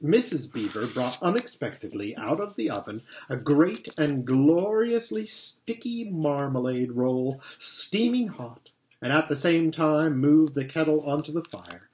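Man, audiobook narrator, expressive, animated, lively pitch. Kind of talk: audiobook reading.

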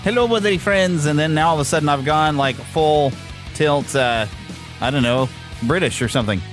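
Guy hosting a podcast, kinda high voice, rambly and chipper, ums everywhere, faint music behind. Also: fairly even intonation, normal speed. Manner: rambling, upbeat, many fillers and restarts. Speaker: podcast host. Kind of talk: casual podcast chat. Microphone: podcast microphone.

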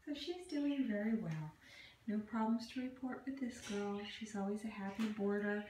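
A woman who runs a cat boarding business, giving owners casual updates and baby-talking to the cats in a cooing sing-song with soft whispers, filmed on a phone. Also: medium pitch, normal speed, distant mic, background noise. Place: indoor cat boarding room. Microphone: handheld phone camera. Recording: echoey room, phone mic held off.

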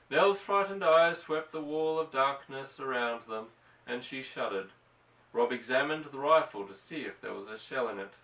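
Male storybook narrator, even and unhurried, mid pitch, recorded far off in a roomy space. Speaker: audiobook reader. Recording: roomy, distant mic.

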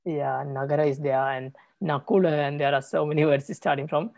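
A man who is a Buddhist monk teaching a language class, patient and repetitive, pausing often with hesitations. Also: fairly high pitch, steady tone, creaky, darkish tone, dry recording. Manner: patient, repeats words, many hesitations.

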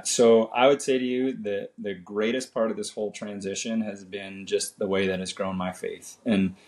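A man's voice: fairly low pitch, a little mellow. A man from Canada, a guest in a casual chat, speaking earnestly with frequent "right?" tags. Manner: earnest, faith-filled, says "right?" and "man" often. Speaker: guest, chiropractor.

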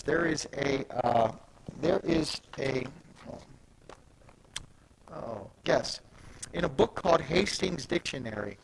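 Male preacher, raspy fry, slight background hiss; retells scripture casually, then punches key words loudly. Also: a little high, rough recording. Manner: animated, swings from soft asides to loud emphatic peaks; conversational, retells scripture in everyday speech. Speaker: pastor. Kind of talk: sermon.

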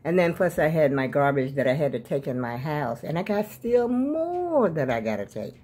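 A woman in her seventies talks to her viewers in a loose, rambling, folksy chat and keeps calling them y'all. Her voice sits a little low for a woman. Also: sing-song, normal speed, mellow, slightly rough. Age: 70s. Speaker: vlogger. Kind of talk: casual chat to camera.

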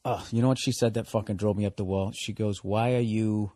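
A man's voice: fairly low pitch, fairly even intonation, fast, dark tone. A man hosting a podcast, ranting in a profane, sarcastic, self-mocking comedic monologue. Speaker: podcast host.

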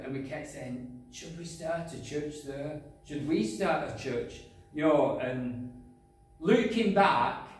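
A man preaching a sermon, telling a personal testimony, going from loud praise to quiet asides. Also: medium pitch. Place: church hall. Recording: echoey hall, from far off, faint noise.

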